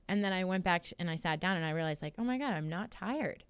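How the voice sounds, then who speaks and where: In a casual studio interview, a young woman fighter talks a little fast in a fairly low voice, the sound clean with no room noise. She tells her story frankly and energetically, playing out others' quotes.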